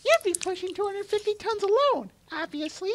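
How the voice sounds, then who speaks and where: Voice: very high voice, animated, fairly quick, slight background noise. A voice actor playing a youthful, playful moon princess who reads her lines cheerily, in a comic read aloud with voices.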